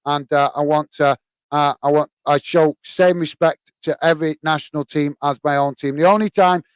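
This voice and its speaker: A man's voice: a little high, steady tone, normal speed, clean tone, dry recording. An English man hosting a live football stream, reading fan comments aloud with lots of fillers and friendly "mate" replies. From England. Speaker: host reading live chat.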